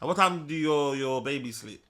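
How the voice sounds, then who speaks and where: A man's voice: medium pitch, normal speed, fairly bright tone. A man hosting a podcast, teasing his guest in casual slangy banter. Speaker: podcast host. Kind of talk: casual chat.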